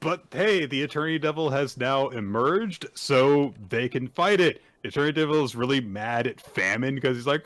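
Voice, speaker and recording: A man's voice: medium pitch, moderate pace, few pauses, a bit bright, dry recording. A man hosting a laid-back podcast talks through comic chapters in detail, slipping into character lines as he retells them. His voice sits in an ordinary middle range and comes across dry and close, with no room sound. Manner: retells chapters at length, acting out quotes. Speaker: podcast host. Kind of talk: casual manga recap chat.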